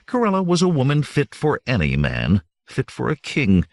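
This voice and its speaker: A man's voice: medium pitch, huge pitch swings, normal speed, creaky, dry recording, studio quality. A man narrating a fantasy novel as an audiobook, reading dramatically. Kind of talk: scripted narration.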